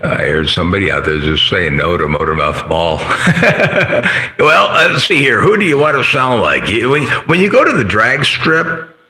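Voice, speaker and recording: A man on the CB radio who talks in an animated, lively swing, with a very bright, sharp edge to his voice. He rambles along in radio slang and sign-offs. The room around him is echoey. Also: medium pitch, slight background noise. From central coast of California. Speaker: CB radio operator hosting a live stream. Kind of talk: casual radio chat.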